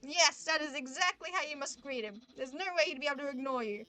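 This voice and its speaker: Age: adult. Sex: woman voicing a male figure. Figure: Papyrus, a boastful cheerful skeleton. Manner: grand and formal. Pitch: high. Tone: bright. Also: animated, fast. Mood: earnest. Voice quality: formal, theatrical phrasing. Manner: proud, eager declarations. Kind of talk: reading a visual novel aloud on a livestream.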